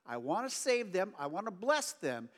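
A man's voice: high-pitched, sing-song, normal speed. A man voicing God as a patient but insistent figure, coaxing and repeating his request. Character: patient insistent divine voice giving orders.

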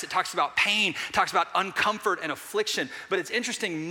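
A man preaching a sermon, earnestly asking his congregation questions and moving between emphatic peaks and quiet pauses. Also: sits high. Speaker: pastor. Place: church sanctuary. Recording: long hall reverb.

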